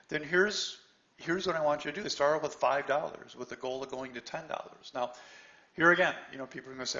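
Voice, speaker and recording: A man's voice: a little high, fairly quick, pushed and bright, poor audio. A middle-aged man teaching a trading seminar in a blunt, scolding way, firing rhetorical questions at his students. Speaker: trading instructor. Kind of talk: seminar lecture.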